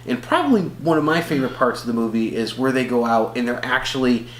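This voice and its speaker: This co-host of a laid-back movie review podcast is a fast-talking man with an animated, mid-range voice. His speech wanders, packed with fillers and false starts. A roomy echo and a faint hum color the recording.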